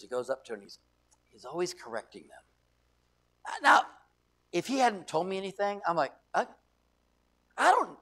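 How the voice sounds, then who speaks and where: A male pastor preaching a sermon, telling folksy stories with quick asides and restarts. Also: fairly high pitch, creaky, fairly bright tone.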